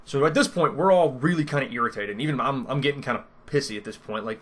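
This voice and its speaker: A man's voice: mid-range voice, animated, brisk, fairly bright tone. Rambling man recapping a game session. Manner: rambling, self-interrupting, lots of fillers. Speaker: first-time game master recapping a campaign. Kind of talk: casual storytelling recap.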